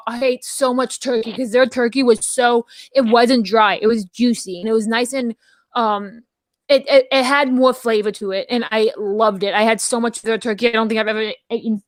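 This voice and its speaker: A woman co-hosting a casual talk show, telling stories in a rambling, animated way full of restarts. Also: a little high, dry recording, clean studio sound. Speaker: podcast co-host. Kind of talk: casual chat.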